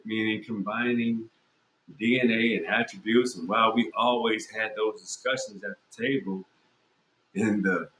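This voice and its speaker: A podcast host delivers a blunt, profane, rambling monologue, casual and packed with fillers and restarts. His medium-pitched voice is slightly bright, recorded in an echoey room with slight background noise.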